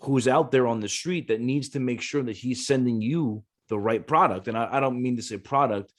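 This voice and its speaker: A man with a mid-range voice, speaking at normal speed, chats casually on a podcast. A Marine gunnery sergeant and onetime recruiter, he's blunt and curses freely while acting out the voices in his anecdotes.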